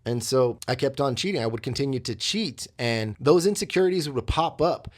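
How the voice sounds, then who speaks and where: A man's voice: mid-range voice, animated, brisk, few pauses. A man hosting a podcast, telling his own story in a candid, reflective, confessional way with many fillers. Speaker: podcast host and coach.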